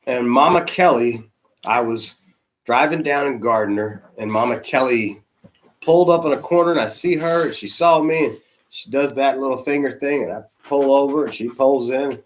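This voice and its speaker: A man, a church's senior spiritual leader, preaching in a conversational, animated storytelling way with soft asides. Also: mid-range voice, normal speed, a little hiss or hum. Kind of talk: storytelling sermon.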